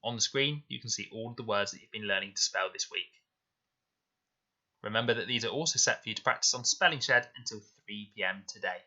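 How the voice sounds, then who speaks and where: Bright, clear-spoken male teacher. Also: fairly low pitch, dull audio. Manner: slow, clear, deliberate explanations. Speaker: primary school teacher. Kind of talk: recorded spelling lesson. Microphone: voice-over to slides.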